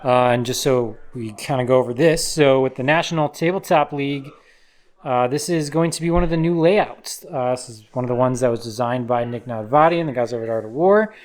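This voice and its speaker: A man's voice: medium pitch, a little fast. A man co-hosting a tabletop battle report, casually explaining his army and deployment with many fillers. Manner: laid-back, filler-heavy, explains deployment. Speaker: co-host player.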